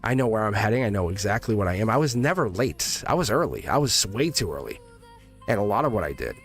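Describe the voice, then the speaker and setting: A man's voice: on the low side, sing-song, fast talker, faint music behind. A man in his forties hosting a live tarot stream, talking in an emphatic, rambling way and laughing between points. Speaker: tarot reader and livestream host.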